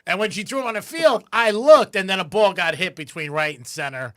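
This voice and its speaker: Radio guy telling stories, bright punchy voice, does all the voices in his stories, dry studio sound. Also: high-pitched, fairly quick, no echo. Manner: animated storyteller, acts out quotes in a raised voice. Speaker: radio show co-host. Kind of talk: casual radio storytelling.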